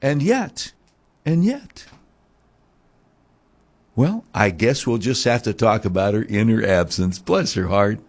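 A Southern man hosting talk radio, his pitch swinging widely as he jokes and mocks. He speaks with a folksy, sarcastic drawl from the studio. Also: animated, takes it slowly, pauses often. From Arkansas. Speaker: radio talk show host. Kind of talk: conservative political talk radio monologue.

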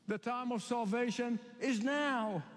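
A man from the Middle East delivers a sermon in a notably high voice. He drives points home by repeating phrases and slowing down on the words he stresses. His voice rings with the long reverb of a large hall. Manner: emphatic and repetitive, with slow stressed phrases. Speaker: preacher.

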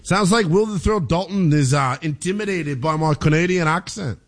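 A man's voice: a little high, moderate pace. A man hosting a sports talk radio show, brash and joking, with showman announcements.

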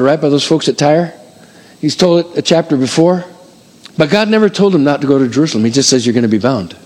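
An older male pastor preaching a sermon in an animated, conversational way, repeating phrases for emphasis. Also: on the high side.

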